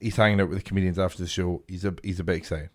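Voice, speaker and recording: A young man co-hosting a podcast, telling an animated story in casual chat, swearing freely and acting out the people he quotes. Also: low-pitched, rapid-fire. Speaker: podcast co-host, comedian.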